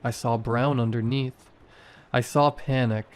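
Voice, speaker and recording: A man reading a horror story aloud in a slow, measured way. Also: mid-range voice, fairly even intonation, smooth. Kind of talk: scripted horror narration.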